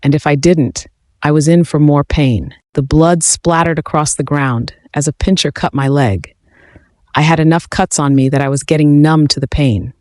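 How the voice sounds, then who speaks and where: A man's voice: a little high, moderate pace, darkish tone, no echo. Man narrating a story, dry close sound. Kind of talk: scripted first-person story narration.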